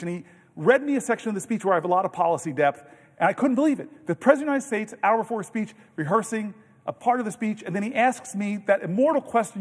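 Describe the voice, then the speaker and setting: A man in his fifties, a senator giving a long floor speech, telling stories in an earnest, animated way with halting restarts. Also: high-pitched. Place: large legislative chamber. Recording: long reverb of a large chamber.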